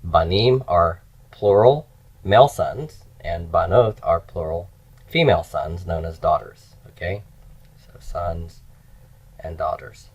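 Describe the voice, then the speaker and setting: A man teaching grammar in a slow, explanatory lecture, repeating key forms as he goes. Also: low-pitched, darkish tone. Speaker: Hebrew teacher. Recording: dull lo-fi lecture recording.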